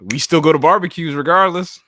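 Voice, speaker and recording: A young man co-hosting a casual podcast chat, animated and laughing often as he talks. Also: fairly high pitch, fast, no echo, clean studio sound. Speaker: podcast co-host.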